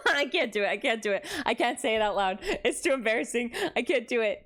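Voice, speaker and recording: Young woman, high lively voice, bubbly live-stream chat, gasping greetings. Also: fairly quick, hardly any pauses. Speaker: VTuber streamer.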